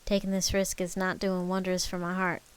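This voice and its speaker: A woman's voice: lowish voice, monotone, normal speed, smooth, close to an everyday voice. A woman voicing a blunt adult male survivor who argues with scorn, in a put-on mix of Southern and New York speech. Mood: scornful.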